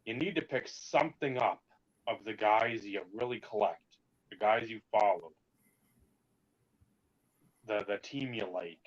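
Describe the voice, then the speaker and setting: A man's voice: fairly low pitch, a little slow, long pauses, slightly rough, dull audio. A man co-hosting a podcast in casual chat, swearing freely and ranting heatedly, slipping into mocking put-on voices. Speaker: podcast co-host.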